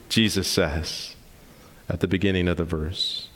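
A man's voice: medium pitch, expressive, moderate pace. A pastor in his forties delivers a sermon in a mid-range voice, pressing his points with emphatic rhetorical questions. His words carry a long reverb, as in a large church hall. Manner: emphatic, rhetorical questions, explains terms plainly.

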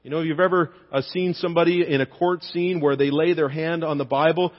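A man preaching a sermon with lively, expressive delivery, his voice rising when he acts out quoted lines. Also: a little high, a little fast, hardly any pauses. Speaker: pastor. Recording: dull sound with long hall reverb.

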